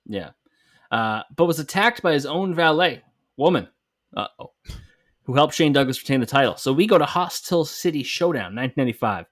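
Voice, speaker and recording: A man hosting a podcast in casual chat, relaxed, leading the rundown with dry jokes. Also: fairly high pitch, a little fast, no echo. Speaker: podcast host.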